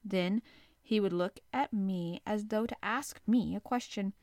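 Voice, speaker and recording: A woman narrating a classic adventure novel in a clear, measured reading voice. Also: medium pitch, darkish tone, no room sound, studio quality. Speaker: audiobook narrator. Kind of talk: scripted narration.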